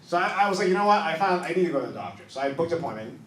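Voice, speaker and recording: A man in his thirties doing a stand-up comedy set on a club stage, telling stories with lively acted-out quotes. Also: fairly high pitch, racing, distant mic, a little hiss or hum. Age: 30s. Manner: animated storytelling with acted-out quotes. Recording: roomy club recording heard from off-mic with crowd. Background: audience laughter.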